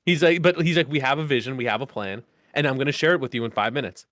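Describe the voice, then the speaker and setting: This co-host is a fast talker with a mid-range, fairly bright voice, chatting casually on a podcast and rambling with many fillers and restarts. There's no echo, and the sound is studio quality.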